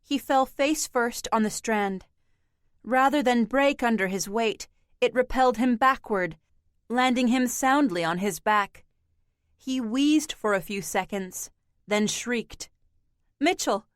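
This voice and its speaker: A woman reads an audiobook aloud at an unhurried, deliberate pace, her voice sitting slightly high. The recording is dry and close, with no room sound around her. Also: no echo. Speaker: audiobook narrator. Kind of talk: scripted narration.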